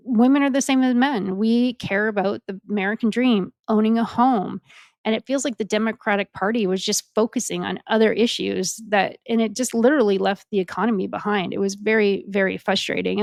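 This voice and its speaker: A woman's voice: mid-range voice, creaky, dry recording. Frank, exasperated woman, dry close sound. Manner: frank and exasperated, swears freely, heavy on "like" and "you know". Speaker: real estate agent. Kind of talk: casual political commentary.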